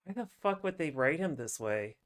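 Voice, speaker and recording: A man's voice: a little high, big pitch swings, normal speed, fairly bright tone. A man giving casual, chatty commentary while playing a game, reacting freely and swearing. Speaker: let's play streamer.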